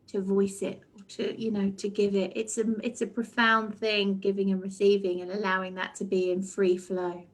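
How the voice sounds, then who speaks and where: A woman guest in a heartfelt casual chat, speaking earnestly and reflectively with frequent restarts. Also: mid-range voice.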